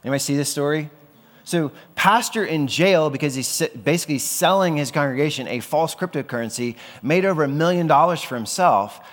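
A man's voice: a little high, animated, brisk. Man preaching in an echoing hall. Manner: conversational, asks the audience questions. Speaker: pastor. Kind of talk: sermon. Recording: long hall reverb.

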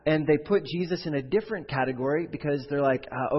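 A man's voice: a little high, quick pace, few pauses, slightly rough. A man preaching a sermon as pastor, in a conversational way that explains through rhetorical questions. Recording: dull sound with long hall reverb.

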